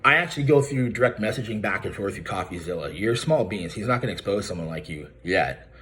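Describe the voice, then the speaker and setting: A man with a fairly low, slightly bright voice and lively intonation speaks at a quick pace, ranting to camera about a credit repair business. In this angry YouTube vlog he mocks, swears and confronts, addressing his target directly by name.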